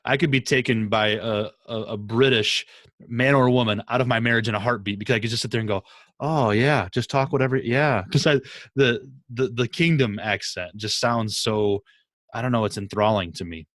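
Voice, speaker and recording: A man's voice: fairly low pitch, fairly even intonation, fairly quick, a bit bright, no echo, studio quality. A man from Michigan hosting a podcast interview, laughing often and keeping it friendly. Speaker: podcast host. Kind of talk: casual interview chat.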